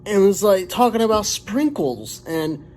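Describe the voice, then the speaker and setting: A man in his forties telling a story to camera in a rambling, halting way, full of fillers and restarts. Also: high voice, very animated, darkish tone, slight background noise. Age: 40s. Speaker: vlogger.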